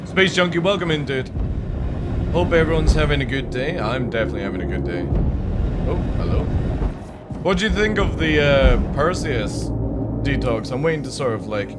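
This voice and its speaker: A man's voice: fairly high pitch, lively intonation, normal speed, very noisy. Chatty English man streaming a game. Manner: rambling, chatty, swears freely, talks to chat. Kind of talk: casual live-stream chat.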